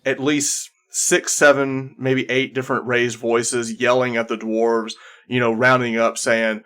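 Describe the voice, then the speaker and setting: A man running a tabletop game as game master, speaking at a middling pitch. He narrates the scene in second person, describing what the players hear and see, often restarting his sentences. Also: level tone, measured pace, pushed and bright, clean tone.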